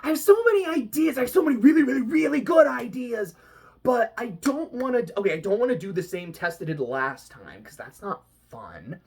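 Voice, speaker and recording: A vlogger voicing an eager, childish young girl who is a cheerful killer, in a high voice. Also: sing-song, fairly quick, creaky, a little mellow, slightly rough, heavily acted.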